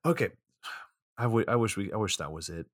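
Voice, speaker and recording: Low-voiced man rambling through a movie recap. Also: a little fast, no room sound, clean studio sound. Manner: rambling, profane, lots of "like". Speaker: podcast co-host. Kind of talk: casual comedic movie recap.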